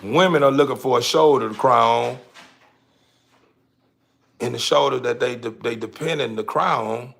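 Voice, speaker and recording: A man's voice: mid-range voice, moderate pace, vocal fry, long pauses, fairly bright tone. A man hosting a livestream, ranting casually with profanity, stumbles and repeated words. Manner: repetitive, stumbling, profane, laughing. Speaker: livestream host.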